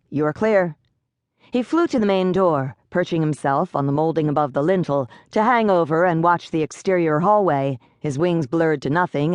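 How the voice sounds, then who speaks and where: A woman reading a first-person audiobook in a steady, measured way. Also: sits low, no echo. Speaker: audiobook narrator.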